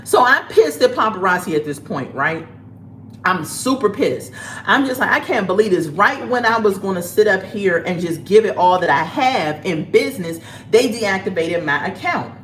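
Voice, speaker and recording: A woman chatting casually on a livestream as she sells jewelry, telling her stories in an animated way. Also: mid-range voice, moderate pace. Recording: roomy echo, faint background noise.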